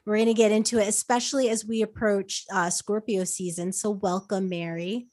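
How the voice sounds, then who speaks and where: A woman's voice: medium pitch, steady tone, moderate pace, a little mellow, dry recording. Chatty woman podcast host. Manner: chatty, lots of fillers like "um" and "like". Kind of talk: casual chat.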